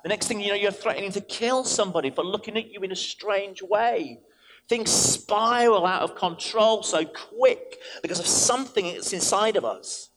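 A man, a vicar, preaching an animated sermon in church, telling stories and switching in and out of quoted voices. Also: high voice, normal speed, slight background noise.

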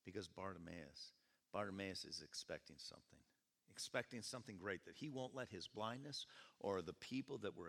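A man pastor delivers a lively sermon, his pitch leaping up and down as he questions the congregation. His voice is bright and forceful. A long reverb from the church hall hangs behind every line. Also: gravelly. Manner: animated, questioning the congregation, acting out quotes. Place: church service.

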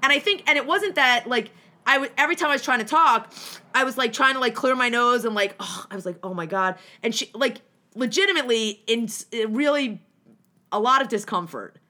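A young woman from New Jersey telling a rambling, animated story in casual chat, swearing freely and acting out what people said, with many restarts. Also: a little high, brisk.

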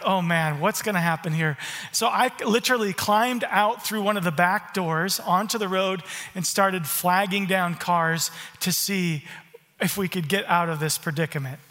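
A middle-aged male pastor delivering a storytelling sermon, his voice pitched high and bright. He acts out the people in his stories. The sound carries a long reverb, as in a large hall. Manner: storytelling, animated, mimics voices in quotes.

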